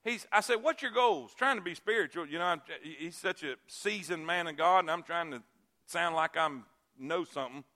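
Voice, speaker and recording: A male pastor preaching a sermon, repeating key phrases and swinging from loud emphasis to hushed asides. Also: fairly high pitch, normal speed.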